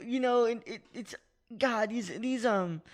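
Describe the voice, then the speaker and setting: A man in his twenties co-hosting a podcast in casual chat, animated and often laughing, leaning hard on "like". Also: very high-pitched, a little slow. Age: 20s. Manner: animated, laughing, heavy use of "like". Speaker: podcast host.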